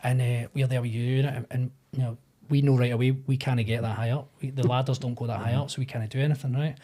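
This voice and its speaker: A Scottish man, an actor and podcast guest, telling a long anecdote in a casual, animated way, acting out the voices of the people in it. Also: medium pitch, fast. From Scotland. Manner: animated anecdote-telling, acts out quoted voices, swears freely. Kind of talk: casual storytelling.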